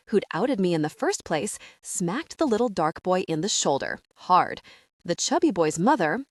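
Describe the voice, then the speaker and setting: A woman's voice: lowish voice, no echo, studio quality. A woman reading a first-person audiobook in a wry, sarcastic teenage voice. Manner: wry, sarcastic teen voice with animated asides. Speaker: audiobook narrator.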